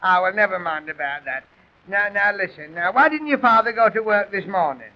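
A man playing a weary, rambling police constable, telling deadpan comic stories on a dull old gramophone recording. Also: high-pitched, brisk. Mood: exasperated. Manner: chatty, rambling, self-pitying with deadpan gags. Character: weary, grumbling male police constable on the beat. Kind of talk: music-hall comic monologue and patter.

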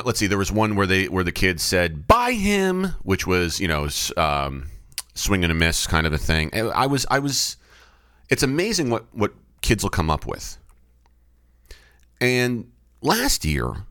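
Here the podcaster-umpire, a middle-aged man, speaks in a low-pitched but fairly bright voice. Alone on the mic, he reflects out loud, questioning himself and frequently starting sentences over. The studio recording is dry and close, with no room sound.

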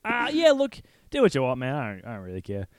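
A man's voice: mid-range voice, huge pitch swings, quick pace, clear, resonant tone, dry recording. A man co-hosting a podcast in casual chat, rambling and laughing often as he trails off and restarts. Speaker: podcast co-host.

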